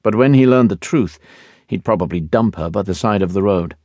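Lively low-voiced male audiobook narrator. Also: moderate pace, no room sound. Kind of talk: scripted narration.

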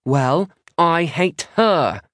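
A man voicing a bossy, indignant young girl in a children's audiobook, with a shrill, complaining delivery. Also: animated, extremely slow, fairly bright tone, no echo, studio quality, full character voice.

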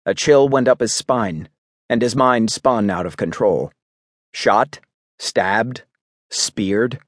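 A man narrating a western romance novel in a brisk, dramatic storytelling manner. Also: medium pitch, lively intonation, no echo, clean studio sound. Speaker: audiobook narrator. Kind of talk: scripted narration.

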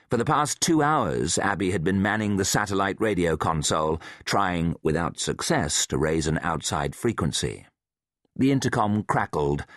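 Low-ish guy narrating an audiobook thriller, dramatic, very dry close sound. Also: fairly bright tone, no room sound. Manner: measured, dramatic. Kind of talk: scripted narration.

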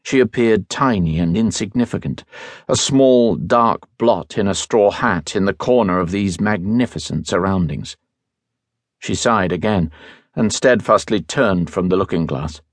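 A man reading an audiobook as narrator, in a measured, even storytelling manner, close to a studio microphone. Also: low-pitched, dry recording. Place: recording studio.

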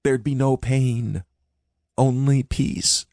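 A man's voice: mid-range voice, steady tone, slow, darkish tone, no echo, studio quality. A man narrating a first-person audiobook in a dramatic, intense reading.

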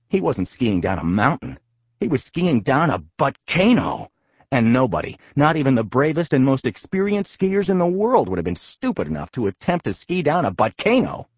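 A man narrating a comic children's audiobook with a husky voice and a lively, playful storytelling manner. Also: lowish voice, dry recording, dull audio.

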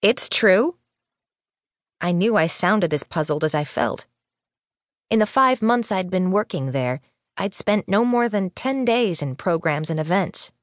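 A woman reading a first-person mystery audiobook in a measured, even storytelling manner on a studio microphone. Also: on the low side, no echo. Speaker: audiobook narrator.

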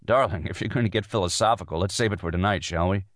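In audiobook dialogue, a man with a deep, natural voice plays a busy young lawyer husband, brusque and a bit dismissive before turning soothing. He speaks quickly, and the recording is clean studio sound with no echo.

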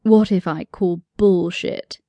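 Brief: a yearning young man, heated then hushed, on a dry recording, put on by a female narrator with a warm tone. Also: fairly low pitch, slow pace, dry recording, muffled recording. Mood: husky, hushed. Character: intense young British man, frustrated and yearning.

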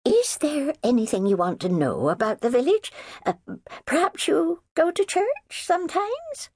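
A woman voicing a kind, composed older spinster who speaks gently and politely in an audiobook. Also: high voice, big pitch swings, unhurried, no room sound, studio quality, pitched above the performer's own voice, full character voice. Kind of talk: audiobook character reading.

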